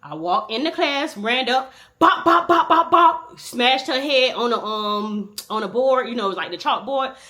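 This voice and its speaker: A woman in her thirties telling a true-life storytime in a casual, animated, profane way, talking straight to the viewer. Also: a little high, moderate pace, few pauses.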